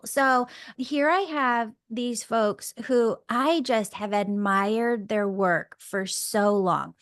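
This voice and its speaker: A woman's voice: fairly high pitch, no echo, studio quality. A woman hosting a podcast and telling a story in a casual, gushing way, full of fillers like "like" and "oh my God.". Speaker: podcast host.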